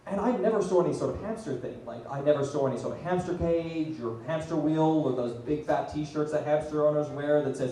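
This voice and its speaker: A young man performs a stand-up set in a mellow, darker voice. He mixes dry, deadpan asides with loud punchlines. The sound comes from a distant mic in a very echoey room. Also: on the high side, fairly quick, few pauses, slight background noise. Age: young adult. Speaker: student stand-up comic. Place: small comedy venue, audience laughing. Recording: very echoey room, heard from afar.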